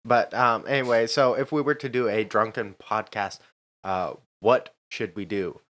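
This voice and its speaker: A young man co-hosting a podcast in casual chat, easygoing and quick to laugh. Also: fairly low pitch, steady tone, fairly bright tone. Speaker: podcast co-host.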